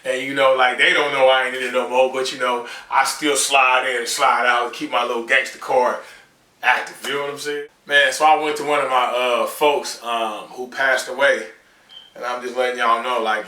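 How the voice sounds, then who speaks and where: A man doing a stand-up comedy set, telling slangy, profane stories and squealing loudly when he acts out scenes. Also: mid-range voice. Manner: loud squealing voices when acting out scenes. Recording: roomy live venue, distant from mic.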